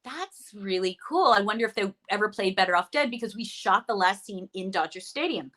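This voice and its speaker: A woman's voice: medium pitch, fairly quick. A middle-aged woman, an actress guest, chatting over a video call and telling a story with acted-out quotes. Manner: animated storyteller, acts out quoted lines. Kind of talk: remote interview chat.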